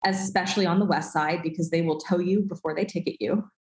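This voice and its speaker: A woman's voice: lowish voice, steady tone, quick pace, darkish tone, roomy sound, poor audio. A woman telling a self-deprecating story in casual podcast chat, acting out the dialogue. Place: Los Angeles.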